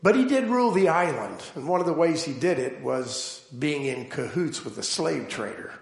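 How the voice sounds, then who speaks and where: A man preaching a sermon, telling stories slowly and deliberately and building to emphatic points. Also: fairly high pitch, sing-song, vocal fry, echoey room. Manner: slow, deliberate storytelling with emphatic build-ups.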